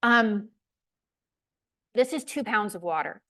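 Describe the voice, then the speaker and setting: A woman giving a community presentation, telling a lively, self-deprecating hiking story. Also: mid-range voice, slow. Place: lecture room.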